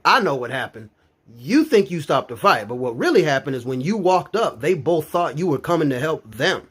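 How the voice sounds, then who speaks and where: Laid-back, amused male friend, as a male comic quotes him, explaining things in a calm, knowing way with a fairly high voice. His tone is matter-of-fact. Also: normal speed, breathy edge, exaggerated voice.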